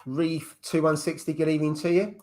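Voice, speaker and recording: A man's voice: fairly high pitch, flat delivery, brisk, darkish tone, a little hiss or hum. Chatty man greeting viewers. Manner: friendly, greets viewers one by one. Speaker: live-stream host. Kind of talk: casual live-stream chat.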